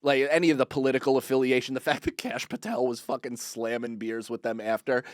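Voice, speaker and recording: A man's voice: medium pitch, steady tone, quick pace, no room sound, clean studio sound. Rambling profane podcast co-host, a man. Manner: rambling, profane, with many restarts. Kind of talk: casual podcast chat.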